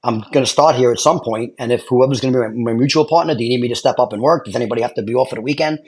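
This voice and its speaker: A middle-aged man from Brooklyn with a New York accent, a retired fire lieutenant telling animated stories and acting out quotes. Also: medium pitch, rapid-fire. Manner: animated storyteller, acts out quotes, laughs often. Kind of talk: casual storytelling chat.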